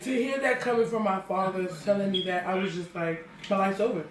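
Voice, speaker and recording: A young woman in a storytime vlog, recounting her own story in a measured, dramatic way. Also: mid-range voice. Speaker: vlogger and twin sister. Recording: echoey room, distant mic, crowd noise behind.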